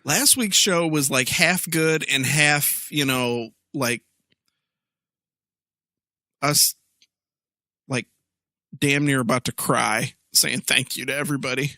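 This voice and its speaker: A man co-hosting a casual podcast, sick on cold medicine, joking crudely and rambling in drawn-out phrases. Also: mid-range voice, bright, forceful tone, no room sound, studio quality. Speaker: podcast co-host.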